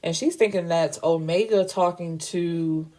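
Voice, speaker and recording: Chatty woman with a mellow, low voice. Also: unhurried. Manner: chatty, slangy, frank. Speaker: book reviewer host. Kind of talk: casual book recap.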